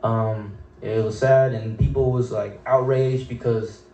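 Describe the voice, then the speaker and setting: A man's voice: medium pitch, steady tone, unhurried, warm tone, reverberant, recorded from a distance, muffled recording. A young man hosting a podcast, telling stories in a loose, slangy way full of fillers and restarts. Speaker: podcast host. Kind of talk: casual rambling storytelling.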